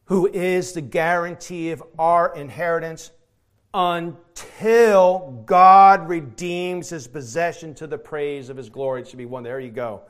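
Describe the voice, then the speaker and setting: A man preaching a sermon, emphatic, moving from hushed reflection to shouted declarations. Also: fairly high pitch, steady tone, normal speed, hardly any pauses. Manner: emphatic, swings from quiet to shouting.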